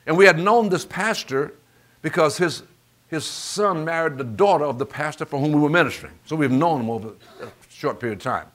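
A man preaching a sermon in an animated call-and-response style, asking the congregation for amens. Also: on the high side, fairly quick.

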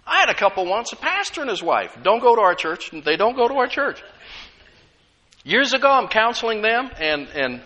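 A middle-aged man, preaching a sermon as a pastor, lively and full of laughs and acted-out voices. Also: high voice, normal speed, highs cut off.

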